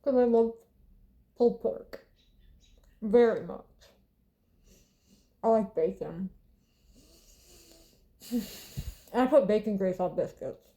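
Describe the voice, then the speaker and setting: Young woman rambling, mellow voice. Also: medium pitch, takes it slowly, pauses often, dull audio. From Southern United States. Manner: rambling, blunt and profane, with laughs and sighs. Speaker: vlogger. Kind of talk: casual chat while eating.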